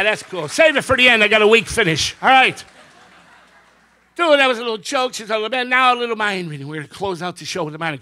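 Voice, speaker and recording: A man's voice: sits high, sharp tone. A man performing stand-up comedy and magic on stage, telling jokes with punchy timing and brief character voices.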